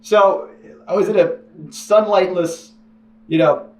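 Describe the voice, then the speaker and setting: A man telling his own story about working as an employee, rambling and self-deprecating, quoting other people in animated voices. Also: high-pitched, slow. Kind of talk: personal storytelling in a video.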